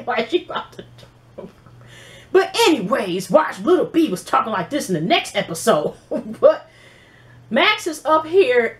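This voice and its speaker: Animated, profane woman recapping reality TV. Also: fairly high pitch. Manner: animated, profane, mimics people she quotes. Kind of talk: casual episode recap.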